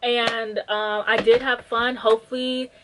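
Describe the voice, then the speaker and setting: A woman's voice: on the high side, little pitch movement, a little slow, noisy background. A woman chatting casually about books she read, retelling plots bluntly with lots of filler words and mock quotes of the characters. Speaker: book vlogger. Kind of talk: casual chat, book review.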